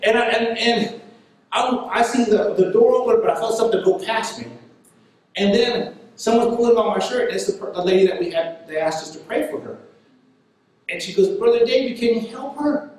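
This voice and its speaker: High-pitched guy preaching, animated, laughs while telling stories, big echo, kinda far from mic. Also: a little fast. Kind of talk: sermon storytelling.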